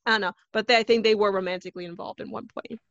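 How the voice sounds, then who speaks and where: A young adult woman co-hosting a casual chat, chiming in slowly and hesitantly, often unsure of herself. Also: mid-range voice, steady tone, fairly bright tone, no room sound, muffled recording. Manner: slow, hesitant, unsure hedging.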